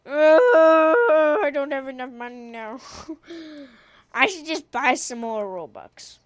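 A woman with a high, bright, cutting voice gives unhurried let's-play commentary, chattering to herself between moves. She bursts into shrieks when things go wrong. The sound is close and dry. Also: dry recording. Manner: excitable, talks to herself while playing, shrieks when killed. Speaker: gaming channel host.

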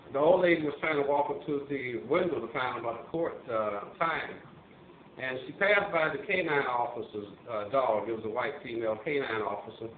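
An older man, a retired police officer from Missouri, telling stories in a halting casual way with many fillers and restarts. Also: medium pitch, a little hiss or hum. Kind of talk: casual storytelling monologue. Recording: tinny phone-like line, roomy echo.

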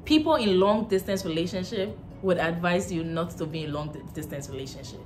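A woman with a Nigerian accent chatting casually to camera as a vlogger, animated, with lots of fillers and emphatic jumps in pitch. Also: fairly quick, soft background music.

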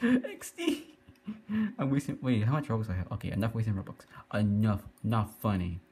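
A young man giving excitable, giggly play-by-play commentary as he teases other players in an online game. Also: lowish voice, fast, vocal fry, slightly rough. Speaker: gaming YouTuber. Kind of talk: casual Let's Play commentary.

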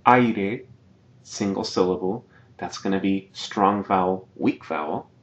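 A man teaching a slide-based video lesson, patiently explaining and repeating each example word slowly. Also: sits low, dull audio. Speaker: Spanish teacher.

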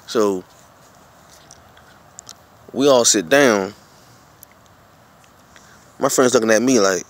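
A man casually telling a story to his viewers, getting animated and repeating himself as he speaks. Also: mid-range voice, slow, long pauses. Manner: relaxed, informal slang. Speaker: vlogger.

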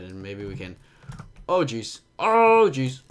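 A young man giving excitable, jumpy commentary on a game, with a slight cough and frequent yelps and laughs. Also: on the low side, slow, clear, resonant tone. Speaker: gaming commentator. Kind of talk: casual Minecraft gameplay commentary.

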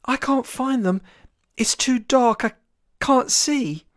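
A reader voicing a crafty, fretful little female chick in a storybook, with a high, chirpy voice and a breathless, pleading way of talking. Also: huge pitch swings, slow pace, creaky, darkish tone, exaggerated voice. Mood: panicked. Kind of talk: storybook character voice.

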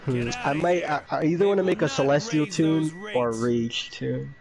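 A man's voice: fairly high pitch, normal speed, a crowd in the background. A man chatting casually with a friend while gaming, laid-back and a bit hesitant.

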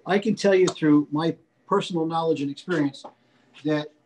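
A butcher instructor's slightly high, a little mellow voice comes at normal speed as he gives a folksy live demonstration, repeating himself, punching key points and often asking "okay?". The poor audio has slight background noise.

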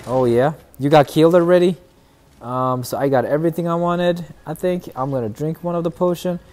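A man's voice: a little high, brisk, a little mellow. A man streaming a shooter game, chatting casually with viewers and trash talking opponents. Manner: playful trash talk to chat. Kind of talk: casual gameplay commentary.

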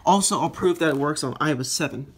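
A man giving casual commentary while demoing phone hacks, rambling and profane, quick to blow up into shouting. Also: on the high side, slight background noise. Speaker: iPhone jailbreak tinkerer. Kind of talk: casual screen demo commentary.

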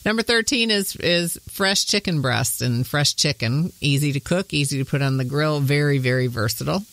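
A woman's voice: low voice, normal speed, a bit bright, no room sound. A woman in her thirties from Michigan with a Midwestern accent touched by Southern speech, a podcast host chatting in a homey way and laughing often. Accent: Midwestern American with some Southern. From Michigan, USA. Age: 30s. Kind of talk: casual talk.

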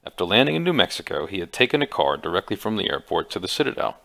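Deep gravelly man reading a book aloud. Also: sing-song, fast talker, bright, forceful tone. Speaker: audiobook reader. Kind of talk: amateur audiobook reading.

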